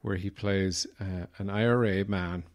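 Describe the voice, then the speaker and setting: A man's voice: sits low, steady tone, a little slow. A man with an Irish accent hosting a podcast, talking casually and rambling, with fillers and swearing. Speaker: podcast host. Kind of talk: casual chat.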